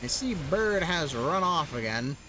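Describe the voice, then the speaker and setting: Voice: medium pitch, very animated, a little slow, noisy background. A gamer giving casual gameplay commentary, tossing off dry, sarcastic asides. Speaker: let's play gamer.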